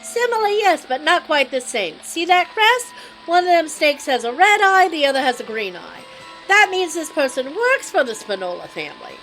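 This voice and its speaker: Brief: sleazy New Jersey mob guy put on by a woman, high and lively, swaggering drawl. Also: moderate pace, faint music behind, heavily acted. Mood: explaining. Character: brash male New Jersey mobster informant.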